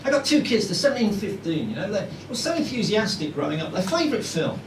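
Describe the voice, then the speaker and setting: A man's voice: high-pitched, fast talker, far from the mic, noisy background. A man in his forties doing live stand-up comedy, chatting with the audience. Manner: animated, chatty crowd work with frequent asides to the audience. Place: comedy club in a pub. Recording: roomy live club audio with loud audience laughter.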